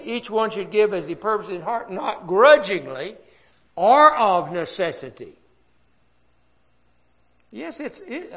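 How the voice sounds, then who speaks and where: A man's voice: sits high, fairly bright tone, highs cut off. An older man preaching an earnest, conversational sermon, asking the congregation rhetorical questions.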